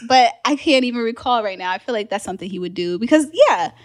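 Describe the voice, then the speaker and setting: A young woman chatting on a podcast, recounting a personal story with lively, animated delivery. She leans on "like" as a filler and breaks into laughter often, sliding between her own words and her retellings. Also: medium pitch, fast. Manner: animated storyteller, acts out quoted voices, frequent laughs and "like" fillers. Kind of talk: casual chat.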